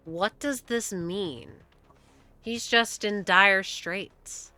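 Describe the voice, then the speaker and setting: Bright, jokey young woman streamer. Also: medium pitch, extremely slow, no echo, soft background music. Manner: chatty, jokey, swears, reads dialogue aloud. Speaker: game streamer. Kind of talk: casual live-stream commentary.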